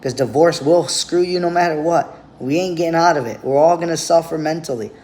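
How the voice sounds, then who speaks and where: A man's voice: fairly high pitch, fairly quick, darkish tone, slight background noise. Blunt, foul-mouthed man ranting. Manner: blunt, profane, rambling. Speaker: vlogger. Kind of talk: direct-to-camera monologue.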